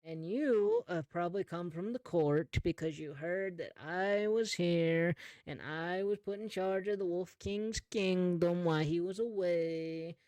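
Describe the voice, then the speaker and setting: A man's voice: high voice, measured pace, few pauses, darkish tone, clear, resonant tone, dry recording. A man voicing a stern, suspicious male official in a tabletop role-play, speaking curtly and commandingly. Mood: knowing. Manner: curt, commanding.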